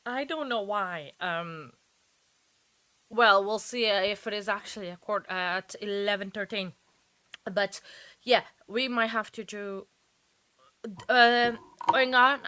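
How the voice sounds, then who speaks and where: Woman host, casual live commentary, rambling and chatty, bright tone, dry close sound. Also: medium pitch, takes it slowly, clear, resonant tone, no echo. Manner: rambling, chatty, talks to chat viewers. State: sleepy, yawning. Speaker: livestream host.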